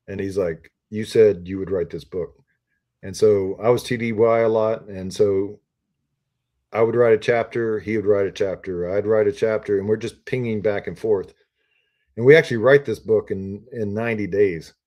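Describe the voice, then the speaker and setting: A man's voice: lowish voice, moderate pace, a little mellow. A retired Army officer in his fifties, a podcast guest telling stories in a rambling way full of ums and uhs. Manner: rambling, filler-heavy storytelling with many ums and uhs. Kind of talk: casual storytelling interview.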